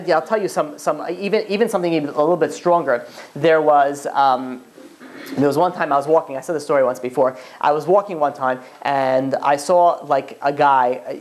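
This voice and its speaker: Rambling New rabbi teaching casually. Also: male voice, a little high. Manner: rambling and animated, full of asides and acted-out dialogue. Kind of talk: informal Torah class lecture.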